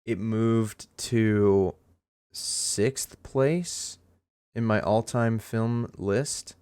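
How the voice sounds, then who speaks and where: Laid-back young man, lowish voice. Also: smooth, dry recording. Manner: laid-back, even-toned, fills pauses with um and uh. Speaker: podcast co-host. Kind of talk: casual chat.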